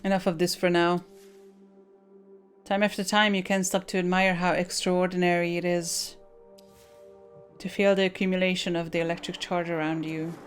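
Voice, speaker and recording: A woman's voice: lowish voice, level tone, soft background music. Woman reading game text aloud, swearing. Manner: reads on-screen text aloud, breaks off with blunt swearing and quick asides. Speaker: video game player.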